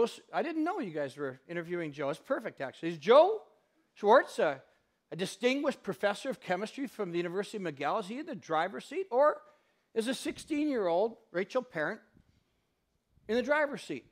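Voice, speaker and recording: A man giving a public lecture in a university hall, telling stories with passion and acting out what people said. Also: high voice. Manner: impassioned, animated storyteller who acts out quotes.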